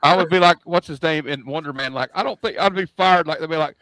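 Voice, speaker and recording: A man's voice: fairly high pitch, pushed and bright, low-quality recording. A man on a casual movie review podcast, joking and jumping in with questions. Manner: joking, quick to jump in with questions. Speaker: podcast panelist.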